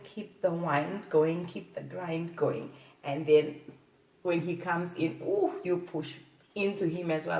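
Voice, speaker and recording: A woman hosting a playful sex-advice talk, often giggling and letting out drawn-out "ooh"s. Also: lowish voice, darkish tone, far from the mic. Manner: giggly, playful, breathy exclamations. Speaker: host. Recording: echoey room, off-mic.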